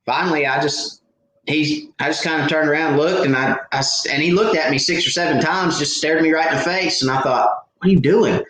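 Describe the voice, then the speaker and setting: Speaking a little fast in a high, somewhat bright voice, a fishing channel host tells stories during a live Q&A stream. His rambling delivery has many fillers and restarts, and the very echoey room carries a little hiss or hum.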